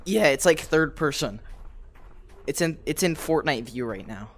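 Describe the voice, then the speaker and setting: A man streaming a video game, chatting casually and excitably with friends. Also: fairly high pitch, measured pace. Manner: excitable, yelps and laughs, lively. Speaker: gaming streamer. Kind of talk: casual gameplay chat.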